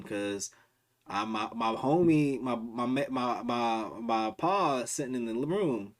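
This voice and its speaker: A man in the middle of a long story on stream, talking loosely with plenty of slang, starting sentences over and repeating words as he goes. His voice sits at an ordinary middle pitch for a man. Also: expressive, slow. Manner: rambling, slangy, many restarts and repetitions.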